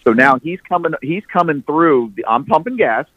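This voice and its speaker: A man's voice: fairly high pitch, animated, moderate pace, dry recording, highs cut off. A man guest on a podcast telling a long story casually, profane and restarting often.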